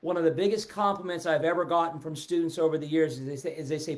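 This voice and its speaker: Man, casual live-stream sales trainer, slightly high voice, lively rise and fall, middle-aged. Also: fast. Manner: animated, voice rising and falling, reading viewer comments. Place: indoors, seated in a chair. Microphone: webcam or phone at a desk, seated.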